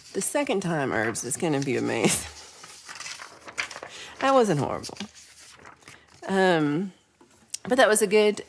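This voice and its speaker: Chatty woman hosting a music livestream. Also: on the low side. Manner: chatty, laughs often, reads chat comments aloud. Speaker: livestream singer-songwriter host. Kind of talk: casual livestream chat between songs. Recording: faint guitar music behind.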